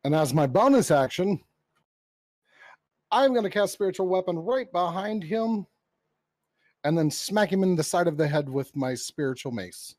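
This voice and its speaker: A man playing a tabletop game who states his moves in a deliberate, matter-of-fact way. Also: high-pitched, animated, darkish tone, no echo. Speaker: player. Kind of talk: casual tabletop game chat.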